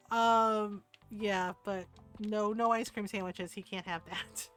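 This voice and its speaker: A woman streamer chats casually while gaming, laughing often and swearing lightly, with soft music playing in the background. Her mid-range voice has fairly even intonation and a fairly bright tone at a moderate pace.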